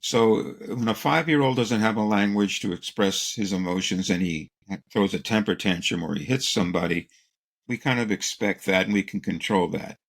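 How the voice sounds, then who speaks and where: A man, a child psychologist, answering interview questions with calm explanations and stories, acting out short quotes. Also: on the low side, normal speed, creaky. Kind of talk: interview answer, anecdotal storytelling.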